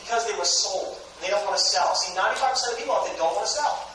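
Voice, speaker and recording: A man giving an energetic, jokey sales training talk to a live audience, acting out little scenes as he goes. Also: high voice, racing, a little hiss or hum. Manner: energetic, jokey, acts out scenarios. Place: large lecture hall. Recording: echoey hall, voice far from mic.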